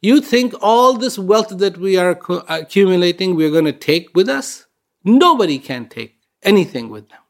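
Emphatic man with a higher voice. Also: big pitch swings, normal speed. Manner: emphatic, repeats words for stress; conversational storyteller with fillers. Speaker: speaker giving a reflective talk. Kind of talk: inspirational talk with storytelling.

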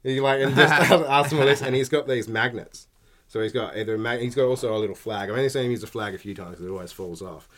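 A man's voice: medium pitch, fast talker, fairly bright tone. An Australian man chatting casually on a podcast, telling stories laid-back, swearing and laughing often. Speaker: podcast co-host. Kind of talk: casual chat.

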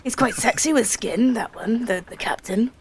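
A woman's voice: a little high, normal speed, husky. A woman playing a tabletop game, giggling through teasing banter. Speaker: player. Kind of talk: casual tabletop game chat.

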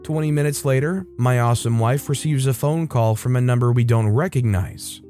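A man's voice: medium pitch, normal speed, dark tone, soft background music. A man narrating a revenge story from a forum in a sarcastic, conversational way.

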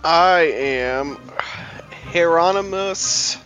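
A man's voice: on the high side, very slow, a bit bright, soft background music. A man playing a tabletop game, chatting casually with lots of fillers and easy swearing. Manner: laid-back, swears casually, many fillers. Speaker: player.

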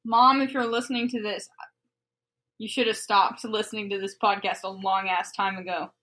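A woman's voice: medium pitch, fairly even intonation, moderate pace, fairly bright tone. A young woman co-hosting a comedy podcast, reading a fanfic aloud with sarcastic, sweary asides. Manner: sarcastic, swears freely, breaks into laughter.

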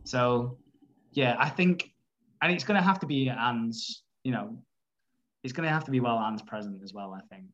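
Chatty podcast host, dull sound. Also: male voice, medium pitch, expressive, normal speed, fairly bright tone. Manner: chatty, laughs often, frequent fillers. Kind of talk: casual podcast chat.

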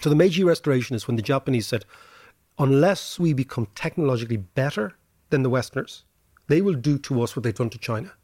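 An Irish man talks through history and economics like a lively lecturer, leaning on rhetorical "right?" tags. His pitch jumps around as he makes points. The recording is dry and close. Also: fast talker, no echo. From Ireland. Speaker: podcast host. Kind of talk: casual explanatory chat.

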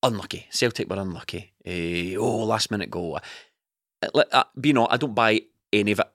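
A man's voice: on the low side, brisk, a bit bright, no room sound, clean studio sound. A man, a podcast co-host, talking football in a heated, opinionated way. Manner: passionate, ranting opinions. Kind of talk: casual football chat.

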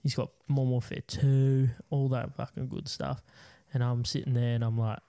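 A man's voice: mid-range voice, flat delivery, normal speed, gravelly, warm tone, clean tone. A young man co-hosting a podcast, chatting in a laid-back, swearing way. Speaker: podcast co-host. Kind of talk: casual chat.

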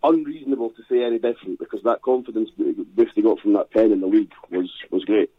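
A man's voice: on the low side, fast talker, husky, no echo. A man calling into a football show, talking casually and hesitantly about goals. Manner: hesitant, restarts. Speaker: caller. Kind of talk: casual phone-in chat. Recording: tinny phone line.

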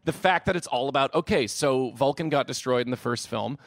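A man co-hosting a podcast, talking excitedly about films, swearing often and laughing a lot. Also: medium pitch, fairly quick, no room sound, studio quality. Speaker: podcast co-host. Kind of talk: casual podcast chat.

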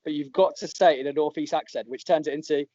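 Giggly podcast host, mellow and a touch high, on dry lo-fi audio. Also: male voice, steady tone, fast talker, no room sound. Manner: laughing, chatty, reading out listener tweets. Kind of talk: casual chat.

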